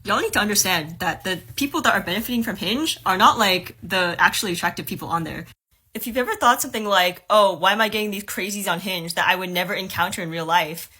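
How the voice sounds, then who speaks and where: A woman's voice: mid-range voice, fast, bright, forceful tone, slightly rough. A woman talking casually to camera in a chatty way, full of fillers. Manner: chatty, lots of "like".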